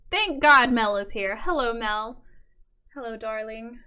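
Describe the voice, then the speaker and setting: A woman's voice: on the high side, takes it slowly, long pauses, sharp tone, clean tone. A woman hosting a creative writing show, reading submissions and gushing over them. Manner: gushing, effusive praise.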